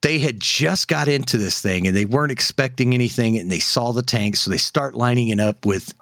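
A man co-hosting a casual podcast chat, animated and laughing often between jokes. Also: mid-range voice, fairly quick, creaky, no room sound, studio quality. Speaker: podcast co-host.

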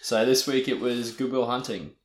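A man's voice: medium pitch, steady tone, moderate pace. A man hosting a casual podcast, steering the topics in an easygoing way and swearing casually. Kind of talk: casual chat. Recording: roomy echo.

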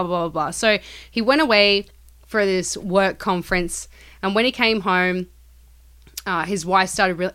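A woman's voice: mid-range voice, clear, resonant tone. Profane storytelling woman. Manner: profane, animated retelling with acted quotes. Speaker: podcast co-host. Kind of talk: casual storytelling chat.

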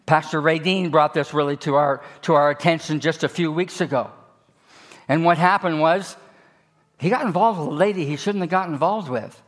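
Male pastor, high voice, animated storyteller, shifts between loud and hushed. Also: normal speed. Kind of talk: sermon.

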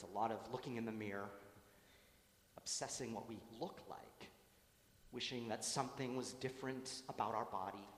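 Man preaching in an echoey church. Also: medium pitch. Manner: measured preaching cadence with dramatic storytelling swells. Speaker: priest. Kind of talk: gospel reading and homily. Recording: echoey church with long reverb.

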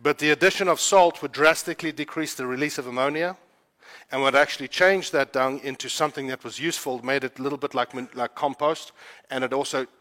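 A man's voice: medium pitch, steady tone, brisk, pushed and bright. Fervent male preacher. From South Africa. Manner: fervent, conversational storytelling. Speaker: pastor. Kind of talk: sermon.

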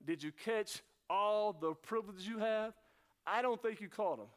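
A male pastor preaching a sermon, talking fast and excitedly, then slowing down to stress key words. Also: high voice, clear, resonant tone. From North Carolina.

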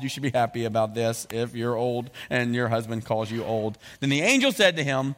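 A man preaching a sermon, animated and jokey, acting out the voices of biblical figures. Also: medium pitch, fairly quick, few pauses. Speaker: pastor.

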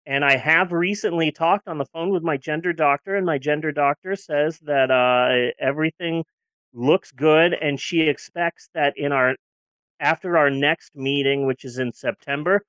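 A woman's voice: low-pitched, normal speed, a bit bright, no room sound. A woman in her forties chatting candidly on a podcast, rambling a little and restarting her sentences. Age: 40s. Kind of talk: casual podcast chat.

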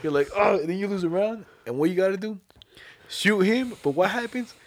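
Guy with a kinda high voice, chatty and slangy, casual podcast talk. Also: fairly quick. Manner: animated, slangy, keeps asking "you know what I'm saying". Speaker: podcast co-host. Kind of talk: casual chat.

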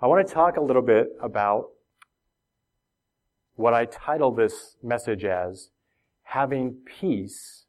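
A man's voice: mid-range voice, a little mellow. Guy preaching to a small group, reads scripture then chats it through, asks questions, says words twice. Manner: conversational, repeats words, asks the room questions. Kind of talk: sermon with scripture reading.

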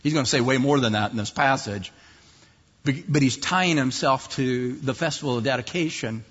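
A man preaching a sermon in an explanatory, lively way, at times acting out other voices mockingly. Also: medium pitch, normal speed, long pauses, breathy edge. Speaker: pastor. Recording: dull distant sound in a reverberant hall.

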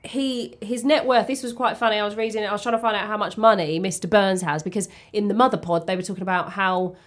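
A woman's voice: mid-range voice, fairly even intonation, quick pace. A woman in a casual podcast chat, talking bluntly with many ums and restarts. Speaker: podcast co-host.

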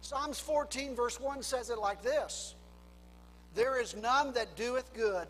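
A man preaching a sermon as a pastor, swinging between hushed low phrases and loud emphatic lines. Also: slow pace, long reverb tail, a little hiss or hum, rough recording. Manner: preaching with dramatic drops to a hush and rising emphasis.

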